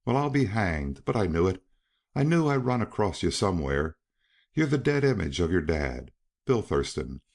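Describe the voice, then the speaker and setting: A man reading as an older frontier cowman with a slow, whimsical drawl and blunt, folksy talk. The voice sits very low, yet it rises and falls freely. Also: sing-song, creaky, exaggerated voice. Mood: hearty, reminiscing.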